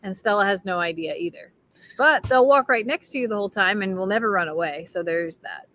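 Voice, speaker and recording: A woman's voice: mid-range voice, a little fast, fairly bright tone. A woman co-hosting a casual coffee chat, chatty, enthusiastic and rambling.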